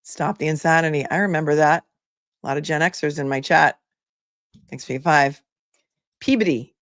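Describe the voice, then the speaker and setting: A woman's voice: low-pitched, normal speed, dry recording, studio quality. A woman in her forties hosting a casual livestream, chatting and reading viewer comments aloud. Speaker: legal commentary livestream host.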